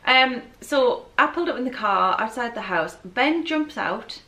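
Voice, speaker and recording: Geordie woman in her thirties, lively sweary anecdote teller, higher voice, roomy echo. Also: a little slow. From North East England. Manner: animated, swearing, laughing storyteller. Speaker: co-host. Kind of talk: casual storytelling chat. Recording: echoey room.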